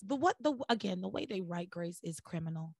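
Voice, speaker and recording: A young woman casually recapping soap opera episodes as a podcast host, acting out the characters' lines in lowered voices. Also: fairly quick, vocal fry, dry recording. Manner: animated storyteller acting out dialogue in lowered voices. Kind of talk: casual chat.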